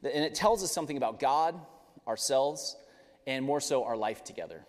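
A man preaching a sermon, telling a family story with lively laughter. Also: mid-range voice, moderate pace. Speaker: pastor. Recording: long reverb of a large hall.

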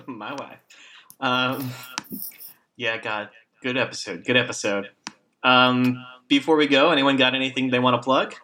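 A man's voice: medium pitch, steady tone, unhurried, long pauses, sharp tone, a little hiss or hum. A man hosting a casual podcast chat, laughing often and joking with his co-hosts. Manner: laughs often, loose and jokey. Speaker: podcast host.

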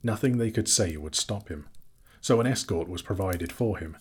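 A man's voice: low voice, normal speed, slightly rough. A man reading a classic novel aloud as narrator, telling the story steadily. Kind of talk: audiobook reading.

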